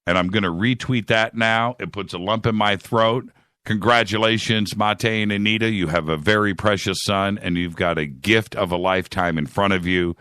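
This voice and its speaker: A man hosting a radio show, speaking in a heartfelt, halting way with frequent restarts. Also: on the low side, fairly even intonation, bright, forceful tone, clear, resonant tone, no room sound, studio quality. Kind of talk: heartfelt monologue.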